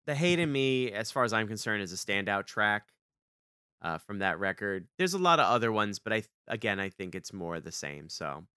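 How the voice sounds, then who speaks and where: Bright, crisp-voiced man telling a story. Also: fairly quick, no echo, studio quality. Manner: animated, acts out quoted dialogue with big pitch jumps. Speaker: podcast co-host. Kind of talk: casual storytelling chat.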